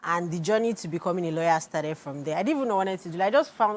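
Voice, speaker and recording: A woman's voice: fairly low pitch, lively intonation, racing. Earnest Nigerian woman author. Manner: earnest, reflective. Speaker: author and lawyer, guest. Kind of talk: interview answers.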